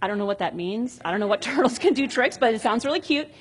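Husky-voiced woman talking about parenting. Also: on the high side, animated, fast. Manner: reads out example dialogues, chatty and reflective. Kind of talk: casual explanatory talk on parenting.

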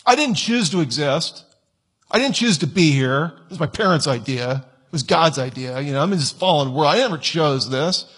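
Preacher, male, slightly high and husky, chatty sermon delivery with acted-out quotes. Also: expressive, moderate pace, a bit bright. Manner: conversational, acts out whiny quoted voices. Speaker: pastor. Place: church.

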